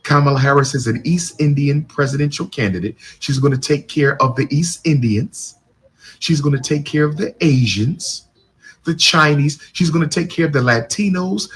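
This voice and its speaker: A man's voice: fairly high pitch, breathy edge. A man giving a repetitive, preachy political rant full of rhetorical questions.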